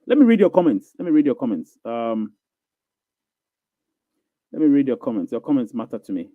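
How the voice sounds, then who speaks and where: This live Q&A host has a medium-pitched voice that swings widely in pitch, and he speaks fairly quickly. Reading comments from viewers, he responds with emphasis and repetition, often checking "you get what I'm saying?" The recording sounds thin, like a phone, without echo.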